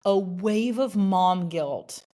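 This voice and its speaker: A woman's voice: mid-range voice, very slow, dark tone. A woman in her thirties hosting a solo podcast, telling a personal story in a frank, chatty way with lots of "like" fillers. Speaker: podcast host. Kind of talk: candid solo podcast monologue.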